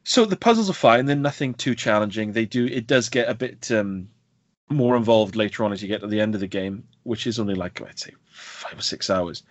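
A man co-hosting a podcast, chatting casually about games in a rambling, animated way full of fillers and restarts. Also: on the low side, fairly quick, dry recording, muffled recording. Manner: rambling, many fillers and self-corrections, animated. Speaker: podcast co-host.

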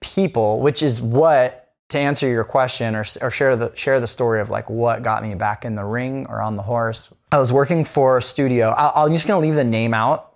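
A man's voice: medium pitch, fairly even intonation, moderate pace, few pauses. A man co-hosting a podcast, talking candidly in a casual chat, rambling with many fillers and restarts. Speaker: podcast co-host.

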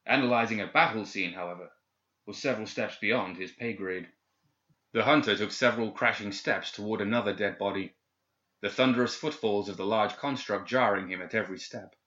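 A man reading a story aloud in steady, measured audiobook narration. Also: fairly low pitch. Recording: echoey, slightly dull recording.

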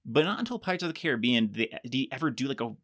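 A man co-hosting a casual movie discussion, chatty and relaxed, trading quick asides and laughs. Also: medium pitch. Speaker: podcast co-host.

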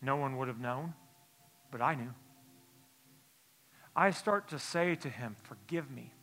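A man preaching a sermon in church, telling a personal story in a hushed, halting voice, then building into a forceful exhortation. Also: mid-range voice, expressive. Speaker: pastor. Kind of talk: sermon testimony.

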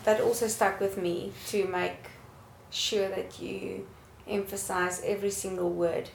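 A woman's voice: medium pitch, level tone, unhurried, creaky, a little hiss or hum. A woman sharing in a church study group, leaning on fillers and repeating herself. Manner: leans on fillers, repeats "you know". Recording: echoey room.

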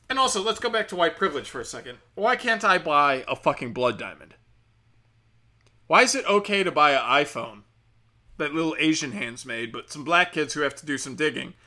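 A man telling a comic story, rambling and loaded with profanity and sarcasm. His voice is bright and pitched slightly above average for a man. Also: animated, moderate pace. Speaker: comedian. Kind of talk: comedic storytelling.

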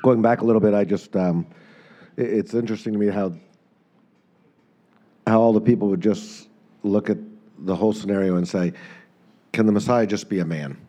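A man in a Bible study group reflects out loud, often checking in with "right?" His voice is very low and warm-toned. He keeps a casual, searching manner. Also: steady tone, moderate pace, pauses often. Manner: thinking aloud, lots of "right?" and "um".

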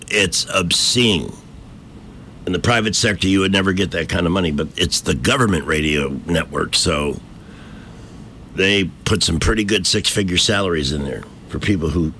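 Deep, bright-toned sarcastic radio host man. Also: slight background noise. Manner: combative, sarcastic, mocking. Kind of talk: opinionated talk radio commentary. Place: radio studio.

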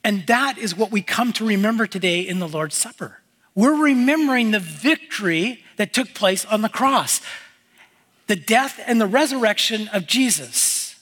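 A man preaching a sermon as pastor, earnest and repetitive, with his voice falling low at the ends of phrases. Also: expressive, normal speed, a bit bright, big-room sound.

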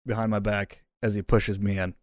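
A man's voice: lowish voice, little pitch movement, brisk, dry recording, studio quality. A man playing a tabletop game, talking plainly and eagerly. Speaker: player. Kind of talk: casual tabletop game chat.

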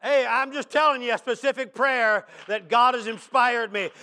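A man preaching a sermon to his church, posing rhetorical questions and building into shouts. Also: very high-pitched, fairly even intonation, normal speed. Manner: impassioned preaching that swells into shouts; asks the congregation rhetorical questions. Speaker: pastor. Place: church service.

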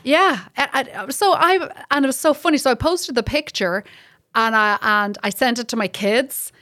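Irish woman, middle-aged, comic guest on a podcast, tells stories fast and laughs a lot, dry close sound. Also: high voice, no room sound. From Ireland. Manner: animated storytelling, laughing often. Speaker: guest comedian. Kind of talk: casual podcast chat.

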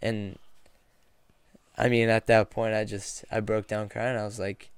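A young man telling a personal story in a casual podcast conversation, earnest and halting with restarts. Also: fairly low pitch, little pitch movement, slight background noise.

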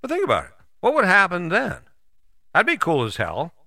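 Animated, blunt man in his sixties. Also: high voice, normal speed, creaky, no echo, studio quality. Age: 60s. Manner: blunt, folksy, swears casually, jumps between voices for imagined people. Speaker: podcast host. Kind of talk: motivational monologue.

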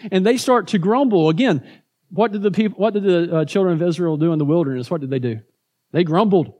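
A pastor preaching a conversational sermon, often repeating words and tagging points with "right?". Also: male voice, sits high, darkish tone.

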